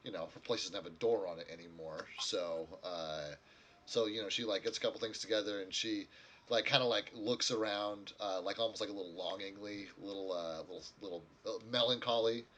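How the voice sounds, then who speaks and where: A man's voice: on the low side, fairly quick, a bit bright. A man narrating as game master in a tabletop game, in a loose, rambling way, searching for words as he goes.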